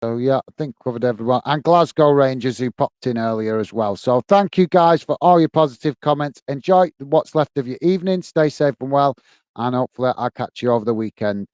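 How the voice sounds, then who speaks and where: A man's voice: medium pitch, a little fast, darkish tone, clear, resonant tone, dry recording. A tired man hosting a football live stream, reading viewer comments and signing off friendly with lots of fillers. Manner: friendly, repetitive sign-offs, many fillers. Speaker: football channel host.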